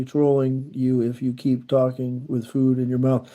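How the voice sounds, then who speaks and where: A man's voice: mid-range voice, monotone, unhurried, warm tone. Earnest rambling man hosting a livestream. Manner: rambling and earnest, reads chat messages aloud. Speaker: livestream host. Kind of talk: casual live-stream chat.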